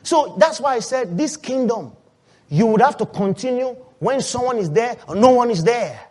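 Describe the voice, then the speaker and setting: A man with a high voice preaches a sermon to his church. He swings between loud, rising calls and quiet, hushed asides, and he keeps asking the congregation questions. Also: lively intonation, moderate pace. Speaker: pastor.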